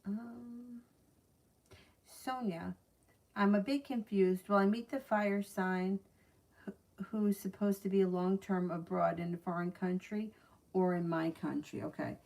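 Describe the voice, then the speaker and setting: A woman's voice: medium pitch, steady tone, slow, gravelly, a little mellow. A woman running a live-stream tarot reading, chatty and blunt, swearing freely when something annoys her. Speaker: tarot reader.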